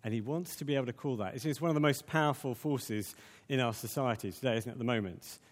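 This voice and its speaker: A man's voice: medium pitch, quick pace, long reverb tail. A man preaching a conversational sermon, full of fillers and restarts.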